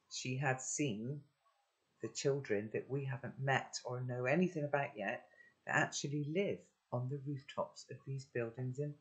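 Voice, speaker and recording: A man teaching children, recapping the story with friendly tag questions and then reading a chapter aloud. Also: mid-range voice.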